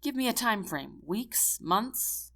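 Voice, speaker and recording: Woman reading a stern male general, loud and clipped, lively pitch, storybook. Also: takes it slowly, exaggerated voice. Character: gruff stern male army general, demanding.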